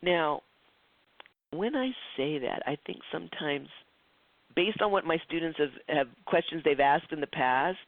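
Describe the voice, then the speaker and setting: A man's voice: on the high side, a little slow, vocal fry, no room sound. A man teaching a psychic development class in a chatty lecture style, acting out quoted dialogue and often restarting his sentences. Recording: tinny phone-like lo-fi, dry.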